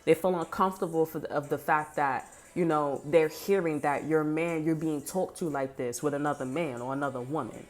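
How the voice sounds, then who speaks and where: A woman's voice: low-pitched, a little fast, few pauses. Woman doing a tarot reading, swears a lot, heated and blunt, faint music behind her. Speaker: tarot reader. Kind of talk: casual spoken tarot reading.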